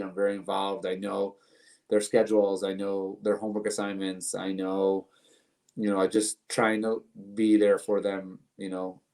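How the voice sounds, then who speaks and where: A man's voice: lowish voice, a little mellow. A man from the United States, a company co-founder, answering interview questions earnestly, piling up lists and repeating words. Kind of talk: casual interview.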